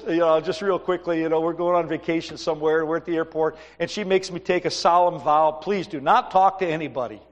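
A man preaching a sermon in a church and telling lively stories, acting out the voices of the people in them. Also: a little high, in a large hall. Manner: animated storytelling, acts out voices in his stories. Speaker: pastor. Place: church sanctuary.

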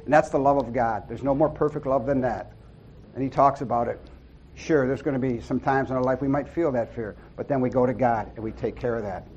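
A middle-aged man giving an informal sermon to a small church group, earnest and folksy, with loud whoops and amens. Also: mid-range voice, steady tone, fairly quick, breathy edge, lo-fi sound. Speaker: lay preacher.

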